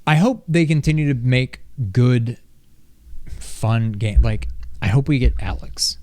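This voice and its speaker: A male podcast co-host in his thirties talks casually at a middling pitch. He gets animated, laughing and acting out moments as he tells them. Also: a little slow, no room sound. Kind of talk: casual chat.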